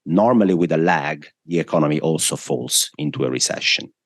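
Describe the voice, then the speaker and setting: A man with a very low, deep voice explains the economy as a guest. He is emphatic and works through his points step by step, stacking up lists. The sound is close and dry. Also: a little fast, no echo. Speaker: guest macro analyst. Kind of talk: explanatory interview answers.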